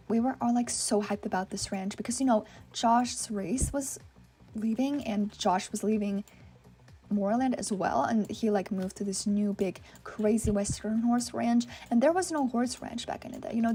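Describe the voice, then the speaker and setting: A young woman hosts a casual gaming vlog, reading out viewer messages and reacting with chatty, excitable commentary. Her voice is mellow and warm, sitting at an ordinary middle pitch. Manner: chatty and excitable, full of "oh my gosh" and "like"; reads viewer submissions aloud and reacts to them. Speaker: gaming channel host.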